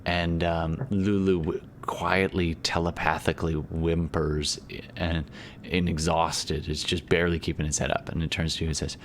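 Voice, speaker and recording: Casting: a very low-voiced male game master, rambling narration with a faint hiss behind. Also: flat delivery, moderate pace. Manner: meandering, many fillers and restarts.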